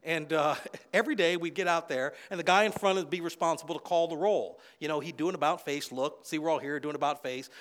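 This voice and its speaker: A middle-aged man preaching a sermon as pastor, an animated storyteller who repeats phrases for emphasis and swings widely in loudness and pitch. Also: fast.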